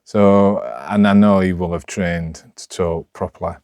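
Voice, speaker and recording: A man with a Sheffield accent talking unscripted to camera, rambling and halting with lots of restarts, in a rough, broad way of speaking. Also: sits low, a little mellow, no echo, clean studio sound. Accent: Sheffield, Yorkshire. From Sheffield, England. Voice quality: rough, broad local speech. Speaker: vlogger.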